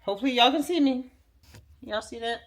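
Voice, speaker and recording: Chatty excitable woman vlogging at home. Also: on the high side, a little fast. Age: 40s. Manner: chatty, excitable, addresses viewers as y'all. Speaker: lifestyle vlogger. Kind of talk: casual chat to camera. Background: dog barking.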